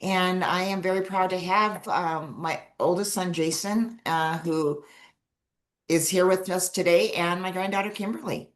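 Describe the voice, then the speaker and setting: A woman's voice: on the low side, steady tone, measured pace. An older woman from Montana, a guest on a live chat, talking in a plain, friendly way. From Montana, United States. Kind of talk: casual interview chat.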